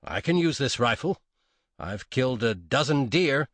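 A man voicing an earnest greenhorn settler who talks in a stiff, proper, measured way. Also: medium pitch, lively intonation, a bit bright, no echo, pitched above the performer's own voice. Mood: stubborn.

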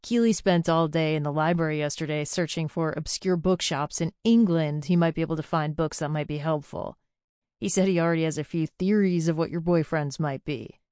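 A woman reading a gruff teasing young brother. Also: low voice, steady tone, brisk, a little mellow, dry recording, clean studio sound, close to an everyday voice. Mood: reassuring. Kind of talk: audiobook character voice.

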